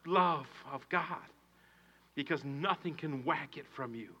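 A male pastor preaching a sermon with passion, swinging from hushed to shouting and repeating his phrases. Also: fairly high pitch, unhurried, husky, low-quality recording.

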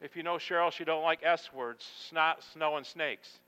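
A man's voice: a little high, fairly even intonation, normal speed, bright, forceful tone, smooth, in a large hall, highs cut off. A middle-aged man telling a rambling, folksy story in a sermon, acting out quotes. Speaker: pastor.

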